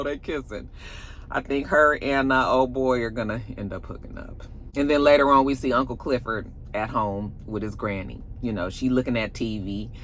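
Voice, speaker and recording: A woman's voice: very deep voice, slight background noise. A woman giving a casual, slangy recap review of a TV episode, acting out the characters' lines as she goes. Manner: chatty, slangy, acts out quoted lines.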